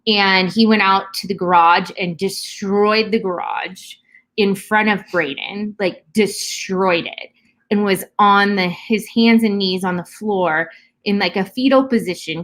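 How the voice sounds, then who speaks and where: A woman's voice: mid-range voice, a little slow, a bit bright. A woman co-hosting a podcast, talking bluntly and heatedly in casual chat, swearing freely. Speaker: podcast co-host.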